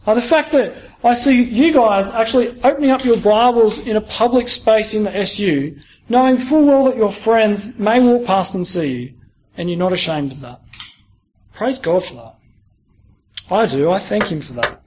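A man's voice: high-pitched, moderate pace, a little mellow. A man preaching to university students in a conversational, personal way, often asking them questions. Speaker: speaker at a university Christian group. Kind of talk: sermon.

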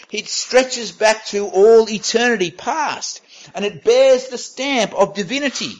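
A man preaching a sermon in a conversational way, reading scripture aloud and pausing to rephrase. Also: sits high. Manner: conversational, reads scripture aloud, with pauses and restarts.

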